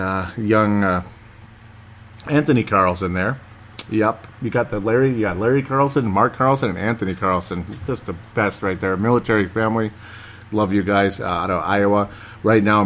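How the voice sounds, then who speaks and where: A man's voice: lowish voice, slight background noise. A man hosting a casual solo podcast, rambling and chatty, laughing often and talking straight to his listeners. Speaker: podcast host.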